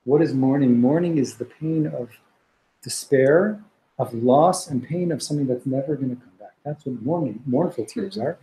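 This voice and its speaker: A man's voice: medium pitch, normal speed, dark tone, echoey room, low-quality recording. A man teaching a text study class, reading Hebrew passages aloud and explaining them with frequent restarts. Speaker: Torah teacher.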